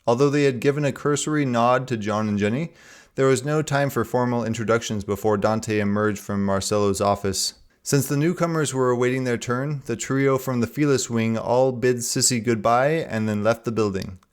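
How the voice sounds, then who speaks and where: A man reading a novel aloud in a steady, even narration. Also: medium pitch, normal speed, smooth.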